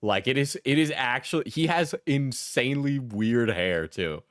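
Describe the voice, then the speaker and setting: A man's voice: medium pitch, expressive, moderate pace, no room sound, studio quality. A young man streaming a reaction video, laughing often, swearing and repeating himself as he gives blunt opinions. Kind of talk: casual reaction commentary.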